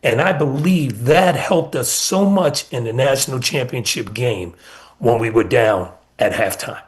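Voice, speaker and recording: A middle-aged man speaks as a former basketball coach, earnestly recounting stories from past seasons. He repeats his key points for emphasis and builds his answers in steady runs. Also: medium pitch, a little slow. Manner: earnest storytelling with emphatic repetition. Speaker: former college basketball assistant coach, guest. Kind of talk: sports radio interview.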